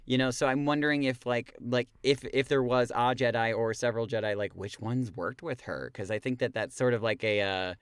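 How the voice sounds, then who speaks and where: A man's voice: mid-range voice, fairly even intonation, a little fast, few pauses, clean tone, no echo, clean studio sound. A man co-hosting a podcast in casual chat, rambling with many filler words. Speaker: podcast co-host.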